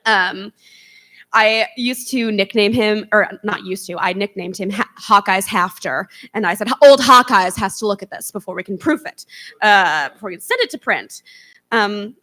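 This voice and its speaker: A young woman speaks at a memorial on a theater stage. Her voice is bright and forward. She keeps it chatty, with plenty of ums along the way. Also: medium pitch. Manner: chatty, with frequent ums and laughs. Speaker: former box office associate giving a memorial tribute. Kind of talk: speech at a memorial event.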